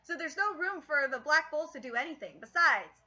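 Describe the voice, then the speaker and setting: A woman's voice: sits high, lively intonation, brisk, sharp tone, full character voice. A woman reading the lines of a smug, arrogant young male noble in a sneering, condescending way. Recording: lo-fi stream audio.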